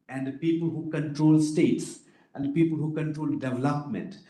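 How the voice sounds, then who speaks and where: A man's voice: fairly high pitch, mellow. Man lecturing in an echoey room. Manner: questioning the audience, tagging points with "right?". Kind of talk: workshop lecture to students.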